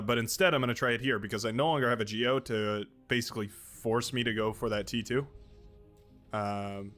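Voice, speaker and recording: A man's voice: medium pitch, fairly bright tone. Chatty male game streamer. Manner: chatty, rambling, joking asides. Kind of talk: casual gameplay commentary.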